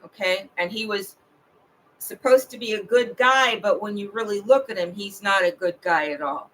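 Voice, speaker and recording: A woman at home giving a rambling, digressive livestream monologue, talking slowly and drawing out her words. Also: mid-range voice, a bit bright, a little hiss or hum, poor audio. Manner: slow, digressive and drawn out.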